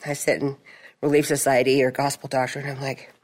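A woman's voice: extremely low pitch, level tone, fairly quick. Chatty middle-aged woman telling a story. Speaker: support group member. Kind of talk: testimony at a recovery meeting.

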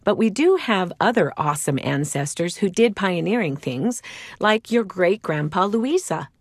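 A woman voicing a mother who tells her daughter gentle stories about a faithful ancestor. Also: on the low side, expressive, normal speed, no room sound, clean studio sound. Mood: fond. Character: warm, faithful mother telling family stories. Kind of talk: children's magazine story reading.

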